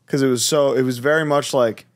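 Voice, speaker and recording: A man's voice: mid-range voice, steady tone, brisk. A man co-hosting a podcast, asking questions and teasing in a joking way. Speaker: podcast co-host. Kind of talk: casual podcast conversation.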